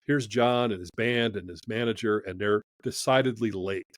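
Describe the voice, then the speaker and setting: A man's voice: on the low side, moderate pace, dry recording. A man who is a podcast guest, telling a story in conversation from his studio, acting out the dialogue as he goes.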